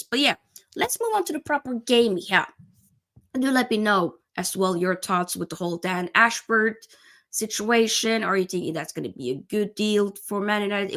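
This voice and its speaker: A young woman hosting a casual live football stream, chatty and animated, greeting viewers by name. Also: mid-range voice.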